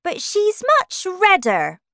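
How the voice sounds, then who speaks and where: A woman voicing a rude, snooty female rose in a storybook reading, with loud, drawn-out, sneering lines. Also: very high-pitched, huge pitch swings, no echo, studio quality, pitched above the performer's own voice, heavily acted.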